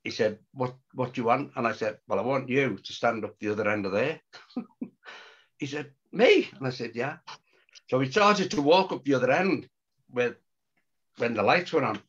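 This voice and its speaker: A man's voice: medium pitch, normal speed, pauses often, husky. An older man telling a story in a casual interview, acting out what people said and laughing as he goes. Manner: animated, acts out quotes, laughs often. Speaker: storyteller guest. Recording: muffled lo-fi sound.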